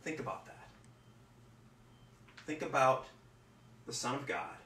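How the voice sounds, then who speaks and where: A male pastor preaches from home in an earnest, halting way, often repeating his words. He sits back from the mic, and his voice rings through a roomy space with faint noise behind it. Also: mid-range voice, lively intonation, bright, forceful tone, distant mic. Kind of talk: scripture reading and sermon. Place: home room.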